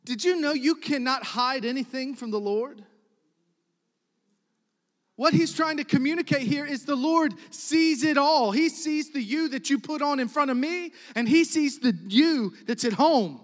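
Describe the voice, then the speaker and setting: Male pastor, high voice, emphatic sermon delivery that rises and falls, long hall echo behind. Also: unhurried. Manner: emphatic, repetitive preaching that swings from loud builds to soft drops.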